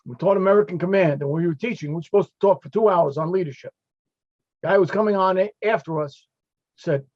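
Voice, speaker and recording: A fire captain speaking as a guest on a video call panel, paying heartfelt tribute to a late friend through stories. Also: male voice, high-pitched, a little fast, dry recording, lo-fi sound. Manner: storytelling, heartfelt, quoting friends.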